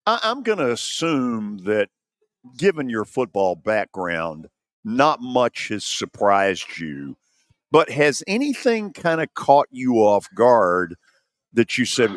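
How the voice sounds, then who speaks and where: Lively Southern sports radio host. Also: male voice, medium pitch, slow pace, no echo, clean studio sound. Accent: Southern American. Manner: folksy storytelling, animated quotes. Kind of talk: sports talk radio hosting. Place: studio at an ice center venue. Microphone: studio microphone.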